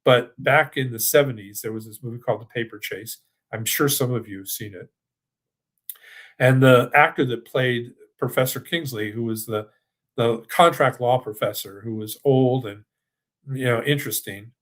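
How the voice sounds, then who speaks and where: An older man, a financial advisor, hosts a webinar that mixes a casual presentation with live audience Q&A. He's chatty and rambling, full of restarts and asides, speaking at normal speed in a mid-range voice with a slightly bright tone.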